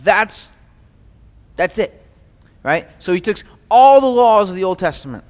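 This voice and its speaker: A man's voice: high-pitched, very animated, unhurried. A man leading an evening Bible study as pastor, in an easy conversational manner, often checking in with "right?". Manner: conversational, keeps asking "right?". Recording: long reverb of a hall.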